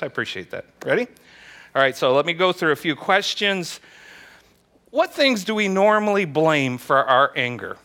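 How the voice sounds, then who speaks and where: Preacher, male, bright voice, tells jokes to a small church group, laughs easily. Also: medium pitch. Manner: chatty, joking, laughs easily. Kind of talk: casual joke-telling and church teaching.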